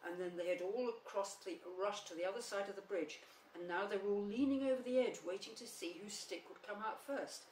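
A woman reading a children's story aloud in a gentle, unhurried storytelling manner. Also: mid-range voice. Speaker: storybook reader. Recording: roomy, slightly distant, faint hum.

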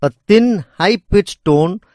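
A man reading a scripted lesson on speaking skills in a measured, deliberate way. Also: high voice, expressive, darkish tone, dry recording, clean studio sound. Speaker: instructor.

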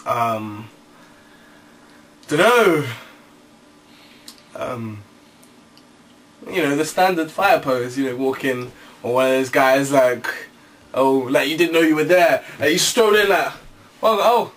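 Jokey, bright-voiced young man. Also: medium pitch, slow pace, long pauses, far from the mic. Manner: swearing, jokey, laughs often. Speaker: co-host. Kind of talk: casual chat. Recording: faint background hiss.

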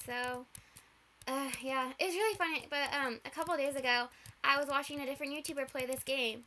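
A young woman commentating on her own gameplay, flustered, rushing and apologizing with nervous laughs. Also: sits high, bright, forceful tone, a little hiss or hum. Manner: flustered, rushed, apologetic, giggly. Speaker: gamer.

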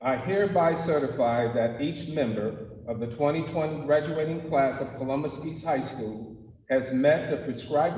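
Guy reading graduation stuff formally, kinda dark voice, far from the mic, echoey room w/ faint noise. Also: a little high. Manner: measured, formal, reading from a script. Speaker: school official presenting graduates. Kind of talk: formal ceremony announcement.

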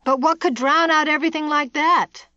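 A woman voicing a blustering, shouting engineer. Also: very high voice, dry recording, dull audio. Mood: alarmed. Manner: loud, gruff, quick to shout. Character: brash blustering male weapons engineer. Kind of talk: audiobook character voice.

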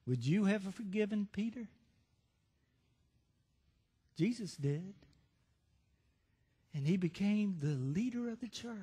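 A man's voice: high-pitched, lively intonation, measured pace, warm tone, slightly rough. A male pastor preaching a sermon, telling Bible stories and asking the congregation rhetorical questions. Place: church sanctuary. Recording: reverberant church hall.

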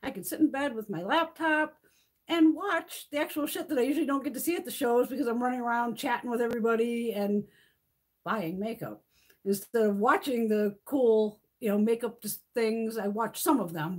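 A middle-aged woman hosting a beauty livestream, chatting casually and telling animated stories, swearing freely. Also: on the high side, moderate pace.

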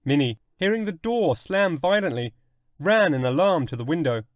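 A male narrator giving an expressive, dramatic reading of a classic story. His voice sits fairly high for a man and rises and falls widely. The recording is dry and close, with no room echo. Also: moderate pace. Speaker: audiobook narrator.

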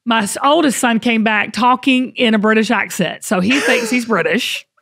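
A middle-aged woman with a warm drawl hosts a casual podcast, telling stories in an animated, chatty way and laughing often. Her voice sits a touch higher than most women's. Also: moderate pace, vocal fry. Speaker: host.

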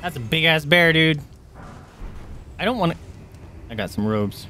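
A man with a slightly high voice livestreams a game at a moderate pace, with a faint hiss or hum in the background. He's excitable, yelping and swearing at enemies, and chatty with viewers, thanking them by name as he gives live gameplay commentary.

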